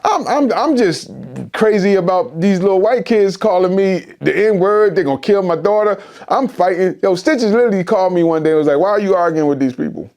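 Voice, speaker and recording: Philly rapper guy telling a wild story, high voice, swings all over, lots of restarts. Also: a little fast, few pauses. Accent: Philadelphia. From Philadelphia. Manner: animated, acts out quotes in shifting voices, many restarts. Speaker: rapper guest. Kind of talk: animated storytelling interview.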